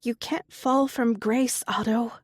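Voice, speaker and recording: Woman doing a high, pleading caring woman. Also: steady tone, slow, slightly rough, dry recording, clean studio sound. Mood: soft. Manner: urgent, emotional.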